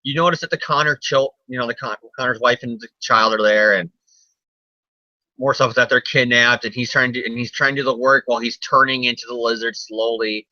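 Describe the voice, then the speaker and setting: A man's voice: medium pitch, fairly even intonation, a little fast, sharp tone, dry recording. A man co-hosting a casual comic review chat, rambling, jokey and swearing often. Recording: dull lo-fi sound, dry.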